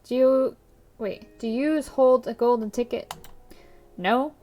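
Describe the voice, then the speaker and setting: A woman voicing a rude, grumpy male motel clerk with a put-on New York-style accent, gruff and sneering. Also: fairly high pitch, slow pace, mellow.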